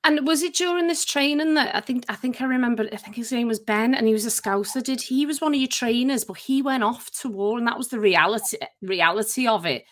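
A woman's voice: fairly high pitch, a little fast, hardly any pauses. A woman interviewing a guest, prompting him with encouraging questions. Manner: encouraging, prompting with short acknowledgements.

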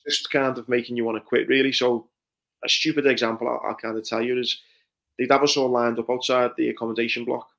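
Flat-voiced man recounting Marine training. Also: mid-range voice, fast. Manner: earnest, reflective, many fillers like "you know". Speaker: guest, former Royal Marine. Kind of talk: conversational interview storytelling.

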